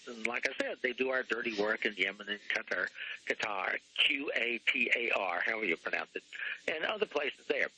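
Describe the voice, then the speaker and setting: Rambling husky man, throat-clearing. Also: mid-range voice, pushed and bright, low-quality recording. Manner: rambling, often clears his throat and spells out names letter by letter. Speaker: guest author. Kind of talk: radio talk show interview.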